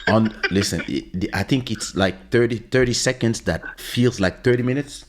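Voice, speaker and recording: A man hosting a podcast, telling a story in a casual, animated way, acting out quotes and slipping into French phrases. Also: on the low side, moderate pace, faint music behind. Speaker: podcast host.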